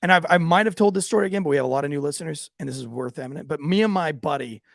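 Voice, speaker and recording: A man, a former police officer, co-hosting a podcast and telling profane, animated stories in casual chat. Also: fairly high pitch, very fast, vocal fry, dry recording, clean studio sound.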